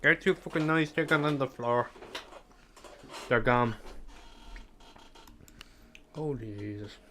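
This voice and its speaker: A man's voice: mid-range voice, slow, bright, forceful tone, slight background noise. A man with an Irish accent chatting casually to his live chat, rambling and swearing freely, sometimes eating sweets as he talks. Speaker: streamer.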